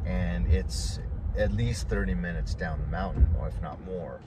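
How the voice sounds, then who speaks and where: Male vlogger, lowish voice, casual rambling storyteller, traffic noise behind. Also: measured pace. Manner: rambling, full of fillers and restarts.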